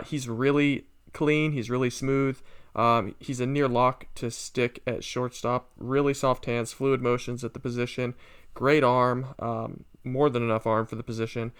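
A man's voice: medium pitch, a bit bright, clean tone. A man on a casual podcast, analyzing baseball draft picks in detail with frequent ums.

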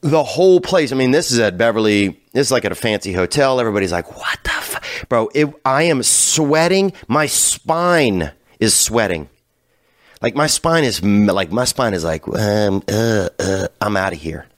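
A man hosting a casual talk show, telling a rambling, profane story that drifts from low mutters to loud hyped bursts. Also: animated, moderate pace, dry recording, studio quality. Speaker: podcast host.

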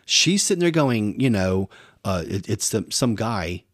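A man, co-hosting a podcast and telling animated stories, acting out voices as he goes. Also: on the low side, unhurried, dry recording, studio quality. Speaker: podcast co-host. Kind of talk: casual storytelling chat.

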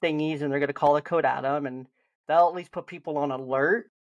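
A young man co-hosting a podcast, chatting casually and acting out gentle reassuring lines to a lost child. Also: fairly high pitch, fairly even intonation, fairly quick, muffled recording. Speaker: podcast host. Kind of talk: casual chat.

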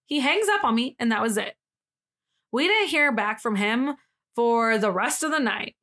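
Lively, swearing woman podcast host. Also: moderate pace. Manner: reads a story aloud and quotes its people with sudden high jumps; swears freely and laughs between lines. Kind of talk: casual storytelling chat.

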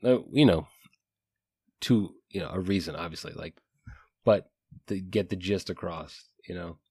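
A man with a very low voice talks loosely about a book series, leaning on fillers and self-corrections as he searches for words. The sound is dry and close, with no room around it. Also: unhurried, darkish tone, slightly rough, no echo. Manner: rambling, many fillers and restarts. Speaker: podcast co-host. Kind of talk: casual book discussion.

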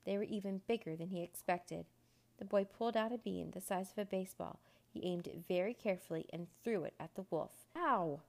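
A woman reading a children's book aloud in a measured storytelling manner. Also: medium pitch, steady tone, creaky, dark tone. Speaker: narrator.

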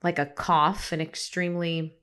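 A woman's voice: on the low side, level tone, normal speed, fairly bright tone, clean tone. A woman hosting her own talk podcast, chatting casually with listeners in the easy, polished way of a former TV news presenter. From United States. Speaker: podcast host. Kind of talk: casual solo podcast chat.

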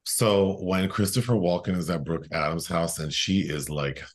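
A man's voice: low-pitched, moderate pace. A man co-hosting a podcast, chatting casually about a film, joking and laughing often with lots of fillers. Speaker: podcast co-host.

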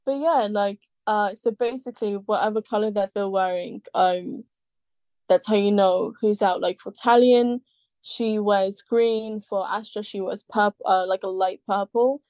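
A woman's voice: mid-range voice, fairly even intonation, a little slow, darkish tone, no echo. Woman, podcast guest, casual rambling chat, filler-heavy, dry close sound.

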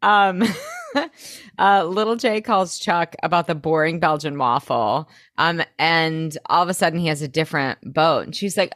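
A young woman with a notably low voice co-hosts a podcast, recapping scenes with sarcastic, lively jabs at the characters. The recording is dry and close-miked. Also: a little slow, no room sound. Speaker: podcast co-host. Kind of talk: casual recap chat.

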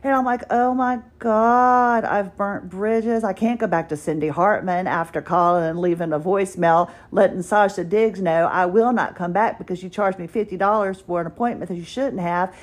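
A woman's voice: lowish voice, fairly quick, hardly any pauses. Woman rambling thru a story on her podcast, wry, keeps going "i said... she said". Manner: chatty, wry, retells dialogue with "I said". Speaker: podcast host. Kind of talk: casual personal storytelling. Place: at home, doing exercises while talking.

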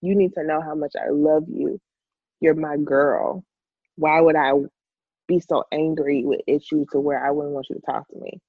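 A woman's voice: sits low, steady tone, normal speed, dry recording. Woman chatting about faith on a podcast, emphatic, kinda muffled and dry. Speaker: podcast co-host. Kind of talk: casual faith talk.

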